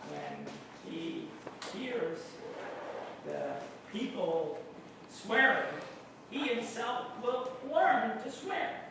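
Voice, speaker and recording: A male pastor giving a sermon, speaking slowly and deliberately and putting questions to his congregation. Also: sits high, sing-song, gravelly, background noise. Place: church hall. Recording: very echoey room, mic far off.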